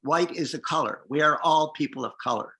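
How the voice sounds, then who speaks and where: Man, fairly high pitch, halting delivery, many fillers, video call discussion. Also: sharp tone, low-quality recording. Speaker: discussion participant.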